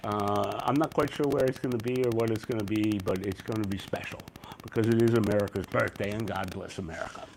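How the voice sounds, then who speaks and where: A man's voice: on the low side, fairly even intonation, a little fast, a little hiss or hum, rough recording. A man hosting a casual live stream about his oyster farm, talking in an exuberant, rambling way with many restarts.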